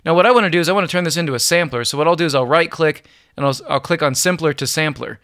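Bright-voiced man teaching music software. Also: on the high side, very fast, dry recording, studio quality. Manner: relaxed, upbeat explaining with chuckles. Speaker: music production tutor. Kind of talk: screen-recorded software tutorial.

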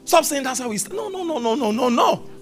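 A man's voice: very high-pitched, lively intonation, a little fast, soft background music. A middle-aged man preaching a sermon at a church service, emphatic and repetitive, quoting scripture. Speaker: pastor.

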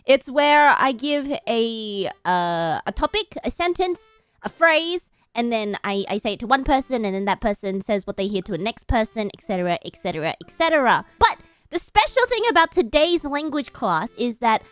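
A young woman hosting a party game, explaining the rules quickly and loosely with laughs. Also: a little high, sing-song, a bit bright, smooth, no room sound. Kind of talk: casual stream chat.

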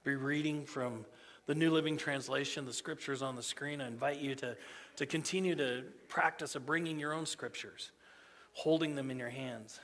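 Earnest preacher guy, bright forceful voice, long church reverb. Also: medium pitch, moderate pace. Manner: earnest, repeats himself, swings from hushed to loud. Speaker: pastor. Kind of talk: sermon. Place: church sanctuary.

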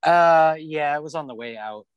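On a porch in Kansas City, a rollerblader is interviewed casually for a podcast. His somewhat high voice is clear and resonant at a moderate pace, blunt and thick with swearing and fillers. The recording is dry and lo-fi.

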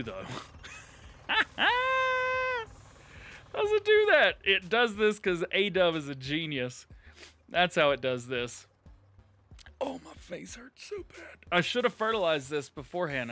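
A man's voice: sits high, sharp tone. A man hosting a live gameplay stream, giggling constantly and reading chat messages aloud in a giddy, casual way. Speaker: livestream gaming host.

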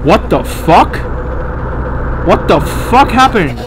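Excitable young man narrating gameplay. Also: high voice, slow, noisy background. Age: young adult. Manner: excitable, profane, often laughing. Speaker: gaming channel host. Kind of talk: let's play commentary.

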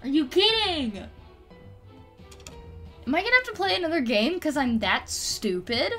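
High, lively woman streaming a game. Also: a little fast, soft background music. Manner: excitable, swings from mutters to shrieks. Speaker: livestreamer. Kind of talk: gameplay commentary.

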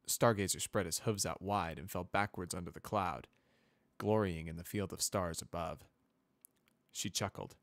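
Low-voiced man reading a storybook. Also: fairly even intonation, moderate pace, dry recording. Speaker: narrator. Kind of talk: audiobook reading of fan fiction.

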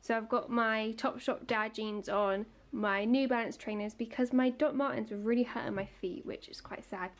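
Speaking at a moderate pace with few pauses, a young vlogger in her twenties talks casually to camera indoors at home. Her voice is fairly high and steady, though she's a little out of breath. She's giggly and uses plenty of fillers.

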